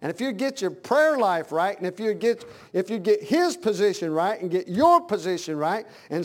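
A man preaching a sermon in a fervent, folksy way that swells from plain talk into loud, impassioned cries. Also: high voice, expressive, moderate pace, hardly any pauses.

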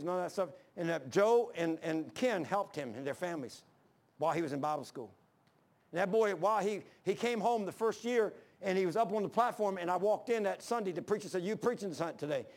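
A man's voice: high voice, a little mellow. A man, preaching a sermon as pastor in an impassioned, folksy storytelling way.

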